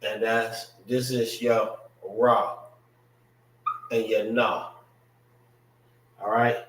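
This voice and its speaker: Slow, drawling American man teaching. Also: lowish voice, flat delivery, reverberant, a little hiss or hum, rough recording. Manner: slow, repetitive, drills pronunciation with frequent "all right" and "know what I mean". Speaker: Hebrew language teacher. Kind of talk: classroom language lesson.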